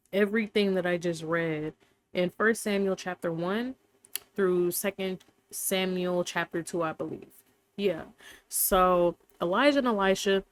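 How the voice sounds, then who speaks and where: A woman hosting a casual Bible study talk, animated and laughing as she retells stories. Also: lowish voice, no room sound. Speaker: host.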